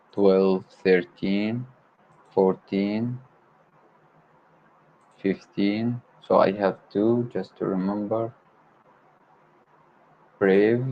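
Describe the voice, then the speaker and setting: One word at a time, a slow, low-voiced man repeats vocabulary in a self-study drill on his livestream. He's a language learner whose first language is Arabic, heard through a dull lo-fi home stream with faint noise.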